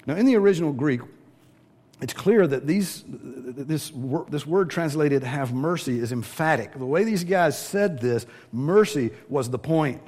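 A man's voice: a little high, lively intonation, measured pace, darkish tone. A man preaching a sermon, teaching verse by verse and briefly acting out the voices of the people he describes. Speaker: pastor.

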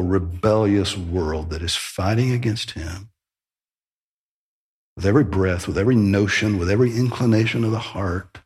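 A man's voice: on the low side, slow, pauses often. A man preaching a sermon, emphatic, with rhetorical questions and sudden rises in emphasis. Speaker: pastor.

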